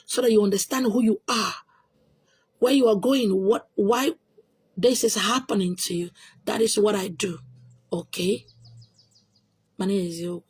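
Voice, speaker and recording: Speaking at normal speed in a mid-range, slightly rough and a little mellow voice, a Nigerian woman with a Nigerian accent takes viewer questions on her own video channel. She is a spiritual teacher who insists emphatically and repeats herself, recorded dry.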